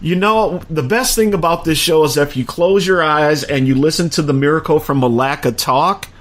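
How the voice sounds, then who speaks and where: Minnesota guy hosting a sports chat, a bit high voice, jokey and talky. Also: normal speed. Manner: chatty, joking, keeps the talk on track. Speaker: podcast host.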